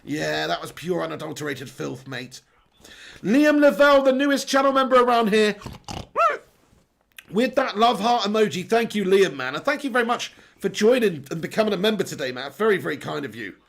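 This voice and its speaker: A man's voice: high-pitched, big pitch swings, fairly quick, vocal fry, fairly bright tone, slight background noise. A man with a sore throat hosting a live football watch-along, reading out and bantering with viewer messages with frequent laughs. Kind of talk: live stream chat reading.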